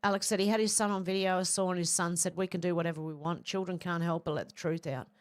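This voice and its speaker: A woman with a lowish, throaty voice reads viewer comments off her livestream chat. She answers each one with chatty asides and clears her throat now and then. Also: steady tone, quick pace. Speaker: livestream host reading chat. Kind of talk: casual chat, reading viewer comments aloud.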